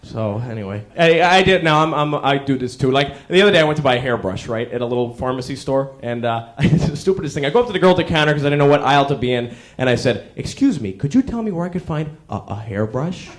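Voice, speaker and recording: A man doing a stand-up routine, telling stories in an animated, exasperated way. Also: medium pitch, fast, few pauses. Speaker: stand-up comedian.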